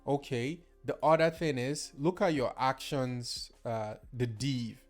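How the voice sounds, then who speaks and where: A man's voice: medium pitch, fairly even intonation, takes it slowly, soft background music. A young man with a Nigerian accent, patiently guiding a friend through a live coding lesson and laughing easily. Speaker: coding teacher.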